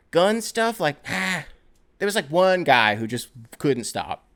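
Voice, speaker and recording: A man's voice: a little high, sing-song, normal speed, a bit bright. A man hosting a solo sports podcast, telling stories in a rambling, profane, jokey way. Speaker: podcast host.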